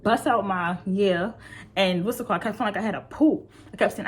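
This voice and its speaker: A woman's voice: medium pitch, fairly quick. A young woman telling a casual storytime, chatty and full of fillers, talking straight to her viewers. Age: young adult. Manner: chatty, frequent fillers, addresses viewers directly. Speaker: vlogger.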